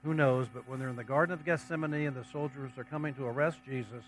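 A man's voice: medium pitch, fairly even intonation, fast talker, a little hiss or hum, poor audio. A man preaching a sermon, reading scripture passages aloud and then commenting on them in a conversational way.

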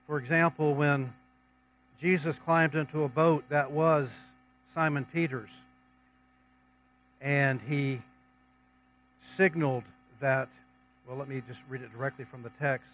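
A man's voice: medium pitch, fairly even intonation, a little slow, long pauses, fairly bright tone, a little hiss or hum, rough recording. A man preaching a sermon, reading scripture passages aloud and then commenting on them in a conversational way.

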